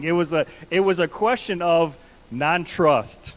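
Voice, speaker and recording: A man's voice: fairly high pitch, measured pace, a bit bright, poor audio. A man preaching a conversational sermon in a church, earnestly repeating questions to the congregation. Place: church sanctuary.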